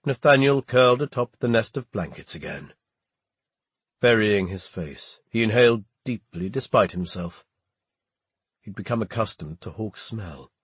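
Husky, expressive male audiobook narrator. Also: on the low side, no room sound. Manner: expressive storytelling. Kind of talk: scripted narration.

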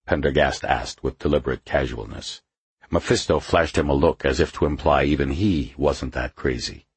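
A male narrator reading a thriller audiobook in a deep, husky voice, recorded close. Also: normal speed, dry recording.

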